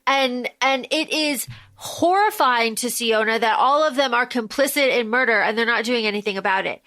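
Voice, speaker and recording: A woman with a high, sharp, bright voice co-hosts a casual book podcast. She retells the story in an animated way and swears freely. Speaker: podcast co-host. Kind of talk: casual book-discussion chat.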